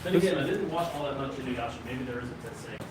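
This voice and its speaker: A man's voice: mid-range voice, animated, rapid-fire. A man co-hosting a casual live stream from a shop, chiming in with corrections and side comments. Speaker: shop co-host. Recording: roomy shop with a crowd behind.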